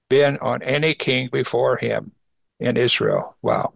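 A man's voice: mid-range voice, measured pace, gravelly, no echo. A man teaching verse by verse through a Bible passage, reading it aloud and adding exclaiming comments of his own. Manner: reads scripture then adds warm, exclaiming comments. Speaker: pastor.

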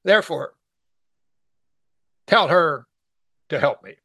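A man putting on a shrill indignant overworked woman. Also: lively intonation, takes it slowly, creaky, sharp tone, breathy edge, no room sound, exaggerated voice. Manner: shrill, pleading, exasperated.

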